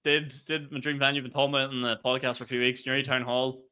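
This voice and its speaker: A man, a stand-up comedian co-hosting a podcast, telling stories in animated, casual chat and swearing freely. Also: medium pitch, very fast, clean tone. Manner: animated storyteller, laughs mid-sentence, swears freely.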